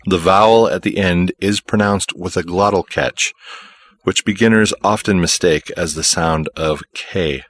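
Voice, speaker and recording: A man reading scripted instructional narration for a language course, in a measured, explanatory manner. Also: low-pitched, a bit bright.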